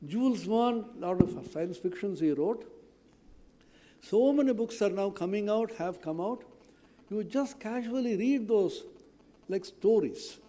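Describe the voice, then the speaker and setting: A man's voice: high voice, expressive, a little slow, mellow, slight background noise. A man answering student questions at a science event, earnest and explanatory, repeating phrases for emphasis. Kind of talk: lecture-style Q&A answer. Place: large hall at a science day event. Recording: long hall reverb.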